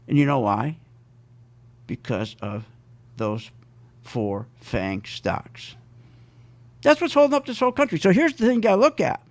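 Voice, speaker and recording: A man's voice: fairly high pitch, vocal fry. A man hosting a talk radio show, delivering an emphatic monologue and acting out the people he quotes.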